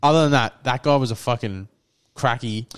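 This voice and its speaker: A young man co-hosts a podcast, telling a loose, rambling story in casual chat with plenty of "like," restarts, and acted-out quotes. His mid-range voice is fairly bright, clear, and resonant at a normal speed.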